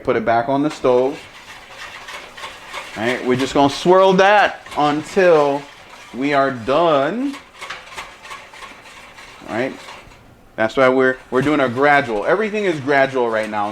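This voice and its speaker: A chef hosting a casual cooking show does a demo and taste test, talking with his mouth full and humming as he savors each bite. His mid-range voice comes across slow and relaxed, with slight background noise.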